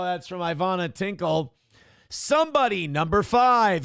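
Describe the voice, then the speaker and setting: A man's voice: sits high, animated, measured pace, heavy background noise. A man hosting a live internet morning show, reading viewer comments aloud in a crude, joking, mock-announcer way.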